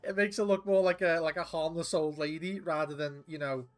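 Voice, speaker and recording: A man's voice: a little high, steady tone, brisk. A young British man from the UK, giving chatty, swearing gaming commentary as a streamer and laughing often. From United Kingdom. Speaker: game streamer.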